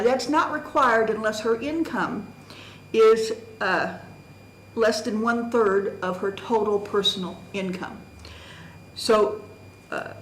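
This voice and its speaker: A woman with a mid-range, somewhat bright voice testifies formally at a county board meeting, methodically and emphatically laying out a candidacy challenge from documents. The audio from the county meeting room is rough and reverberant, with a little hiss or hum.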